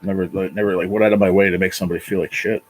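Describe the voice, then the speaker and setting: A man hosting his own livestream from his apartment, talking casually and emotionally in a halting, repetitive way with a lot of swearing. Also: sits low, level tone, poor audio. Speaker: livestream channel host. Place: apartment at home.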